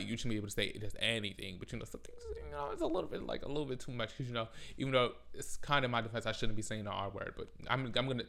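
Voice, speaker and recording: A man's voice: mid-range voice, a bit bright. A young man hosts a loose solo podcast from his home and talks close into the mic. He rambles and swears freely, pokes fun at himself, and drops "like" constantly. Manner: rambling, profane and self-mocking, full of "like". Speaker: podcast host. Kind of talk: casual solo podcast chat. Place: home with family over.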